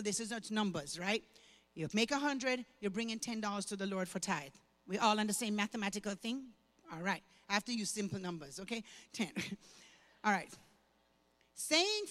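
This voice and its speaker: An older woman preaches with a high, bright voice. She shifts from chatty teaching to rising, fervent declarations. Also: big-room sound. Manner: fervent preaching that swells from conversational to loud and impassioned. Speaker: guest pastor. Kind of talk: sermon.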